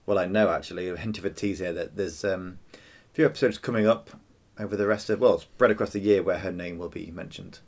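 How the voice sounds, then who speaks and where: A man with a fairly low voice co-hosts a music podcast. He talks reflectively and chattily, sharing opinions and memories in a relaxed conversational manner. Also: fairly quick. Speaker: podcast co-host. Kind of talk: casual music review chat.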